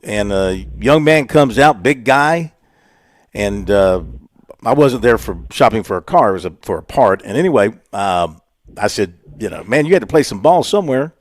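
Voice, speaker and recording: A man hosting a radio sports show from the studio, relaxed and easygoing as he leads the segments. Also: fairly low pitch, moderate pace, dry recording. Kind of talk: casual radio sports talk.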